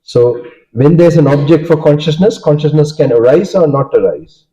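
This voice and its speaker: Sri Lankan monk teaching, very dark voice. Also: male voice, fairly high pitch, animated, normal speed. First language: Sinhala. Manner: checks understanding with frequent "okay?" and "right?". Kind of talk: dharma talk with questions to listeners. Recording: dull lo-fi recording.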